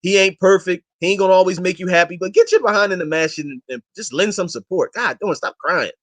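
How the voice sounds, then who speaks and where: A man's voice: high voice, fast talker, fairly bright tone. A man talking as a guest in a casual interview, impassioned and emphatic, urging his listeners in slangy, everyday speech.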